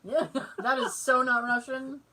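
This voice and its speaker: A woman's voice: high-pitched, fairly even intonation, unhurried, pushed and bright, rough recording. A woman co-hosting a podcast. She tells stories in casual chat, laughs often, acts out the voices she quotes and swears freely. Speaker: podcast co-host.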